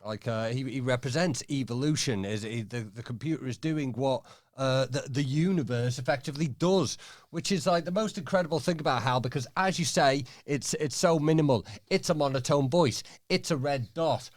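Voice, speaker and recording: A man appearing as a guest on a casual film podcast, talking in an animated, crude and jokey way. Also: medium pitch, normal speed.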